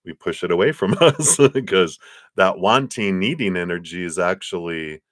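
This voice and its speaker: Deep-voiced man giving a live tarot reading. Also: moderate pace, fairly bright tone, no room sound, studio quality. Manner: chatty, laughs often, reads card texts aloud. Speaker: tarot card reader. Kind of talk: live-streamed card reading.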